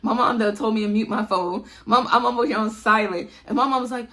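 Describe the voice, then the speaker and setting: A woman's voice: a little high, a little fast, few pauses, pushed and bright. A young woman casually retelling a personal story to her viewers, chatty and talking to them directly as y'all, acting out what others said. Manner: acts out quoted dialogue. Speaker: storytime vlogger.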